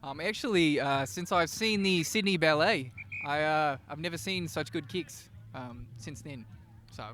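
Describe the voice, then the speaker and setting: Man, hesitant, bumbling, stammering fillers, slightly high voice, outdoors. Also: a little slow, bright, forceful tone. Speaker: clueless trainee in a comedy bit.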